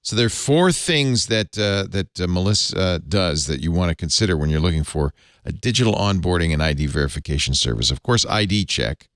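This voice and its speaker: A man's voice: low-pitched, lively intonation, a little fast, fairly bright tone, dry recording, studio quality. A man hosting a tech news panel show, chatting and reading a sponsor ad with many fillers and restarts. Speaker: host. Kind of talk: tech news panel chat and live ad read.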